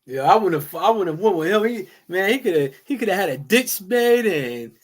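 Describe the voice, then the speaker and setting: A man co-hosting a casual chat show, laughing along and asking quick follow-up questions. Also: high voice, lively intonation. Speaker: co-host.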